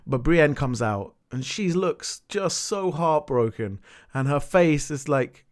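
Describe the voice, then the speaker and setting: A young man recapping a TV episode in a casual rant, animated and swearing, with exasperated outbursts. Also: medium pitch, a little slow. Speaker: TV recap vlogger.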